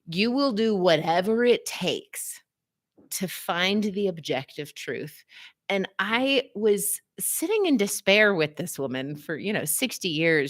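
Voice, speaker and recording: A woman therapist hosting a wellness talk show, telling stories in a casual, animated way, often saying "like" and acting out scenes. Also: fairly low pitch. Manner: animated storyteller, frequent "like", acts out scenes. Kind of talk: casual live talk with storytelling.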